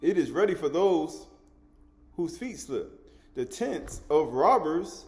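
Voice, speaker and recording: A man preaching a sermon, teaching in an animated way, repeating and restating his words and chuckling as he goes. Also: fairly high pitch, slow pace.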